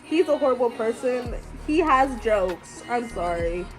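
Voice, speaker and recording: A young woman vlogging casually about a book she is reading, chatty and quick to gasp and laugh. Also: on the high side, animated, soft background music. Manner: chatty, reacts loudly with gasps and laughs. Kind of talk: casual reading vlog reactions.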